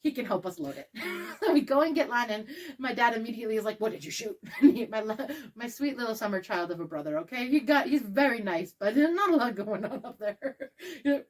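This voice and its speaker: Young woman, podcast co-host, slightly high voice; animated, laughing storyteller who swears freely. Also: fairly quick. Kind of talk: casual storytelling chat.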